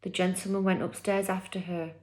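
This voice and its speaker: A woman reading a children's novel aloud chapter by chapter, with expressive, dramatic storytelling. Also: mid-range voice, a little fast.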